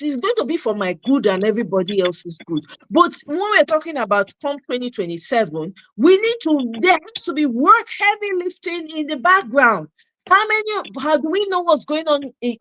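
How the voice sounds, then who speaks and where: A Nigerian-accented woman hosts a political talk show, ranting with heat and switching into Pidgin mid-sentence. Her voice sits fairly high for a woman. The sound is close and dry, with no room echo. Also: fairly bright tone. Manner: passionate ranting, mixing Nigerian Pidgin into English. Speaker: host. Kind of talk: live political commentary show.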